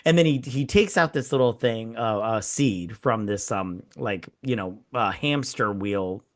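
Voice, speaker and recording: A man's voice: fairly low pitch, a little slow. A man hosting a casual movie-review podcast, animatedly retelling scenes, acting out characters' lines, laughing often and joking crudely. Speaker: podcast host.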